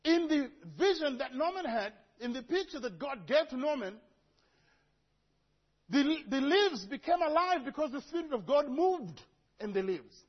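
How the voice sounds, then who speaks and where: A man's voice: very high voice, moderate pace, lo-fi sound. A man from Africa preaching a sermon to a congregation, telling stories with humorous asides. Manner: lively storytelling with humorous asides. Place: church before a congregation.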